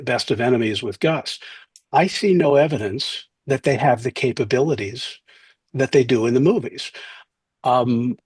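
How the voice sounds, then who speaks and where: A man's voice: medium pitch, a little mellow, husky, dry recording. A middle-aged man telling wry stories in an interview, acting out the voices of people he quotes. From New Jersey, USA. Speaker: author and guest. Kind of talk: interview storytelling.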